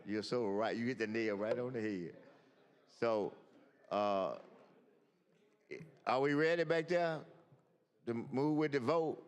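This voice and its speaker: At a floor microphone in a large legislative chamber, a state senator makes informal remarks, loose and rambling with many restarts. His mid-range voice is clean, but the big hall adds a long reverb.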